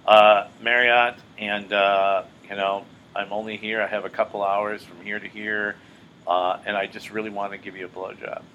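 Deep-voiced man rambling through a story. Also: a bit bright, poor audio. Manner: rambling, profane, many fillers. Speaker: podcast host. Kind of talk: casual storytelling monologue.

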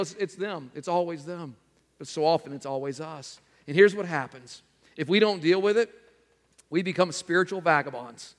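A middle-aged man preaching a sermon as pastor, animated, slipping into mimicking voices. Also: fairly high pitch, in a large hall.

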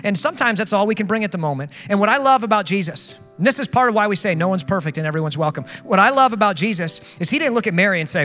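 A man preaching a sermon in a bright, high voice, earnest and conversational, with a string of rhetorical questions. His voice rings out in a space with long reverb. Soft music plays faintly behind him. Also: animated, very fast, few pauses. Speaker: pastor.

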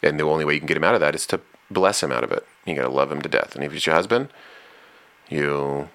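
A man's voice: a bass voice, fast talker, fairly bright tone. A man hosting a relationship advice talk, speaking frankly and directly in a casual way.

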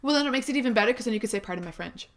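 A woman co-hosting a podcast in casual chat, playful and quick to laugh. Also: high voice, crowd noise. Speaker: podcast co-host.

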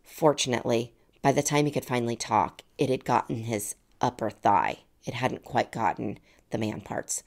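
A woman in her forties tells a personal story as a podcast host, in a casual and animated way. Her voice sits very low and has a gravelly fry. She laughs easily and acts out the lines of the people in her story. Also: moderate pace.

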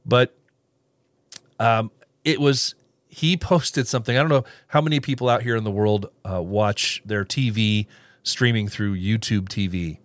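A man's voice: lowish voice, fairly even intonation, a little slow, dry recording. A man hosting a casual solo podcast, rambling with restarts and little chuckles as he reads live comments. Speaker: podcast host.

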